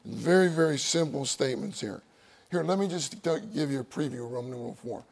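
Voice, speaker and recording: A man's voice: mid-range voice, fairly quick, gravelly. A man preaching a sermon, reading outline points aloud and repeating key phrases for emphasis.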